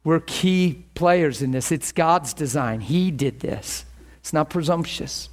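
A man's voice: on the high side, slow pace. A man preaching a teaching sermon and telling his own testimony, earnest and emphatic, often repeating words as he builds a point.

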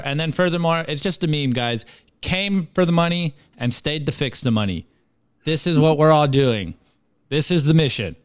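A man's voice: fairly high pitch, normal speed, smooth, no echo, studio quality. A man co-hosting a podcast, reading memes aloud in a casual, emphatic and mocking way. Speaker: podcast co-host.

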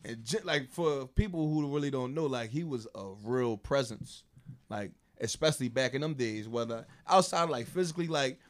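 A man's voice: mid-range voice, moderate pace. Laid-back man telling a story. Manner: loose, drawling storyteller, lots of fillers, acts out quotes. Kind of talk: casual storytelling chat.

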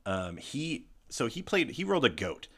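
A man hosting a casual podcast chat, retelling a tabletop game story in an animated way, swearing freely. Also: medium pitch, normal speed. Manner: animated, swearing, breaks into laughter.

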